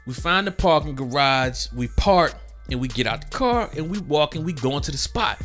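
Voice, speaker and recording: A man's voice: on the high side, expressive, moderate pace, a bit bright, faint music behind. A young man telling a slangy story casually and acting out quotes. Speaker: gaming storyteller. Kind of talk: casual storytelling over gameplay.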